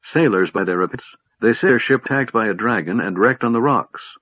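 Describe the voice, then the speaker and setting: A man reading an audiobook voices a dutiful male elf scout giving a brisk report. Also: fairly low pitch, breathy edge, no room sound, highs cut off, voice pushed up.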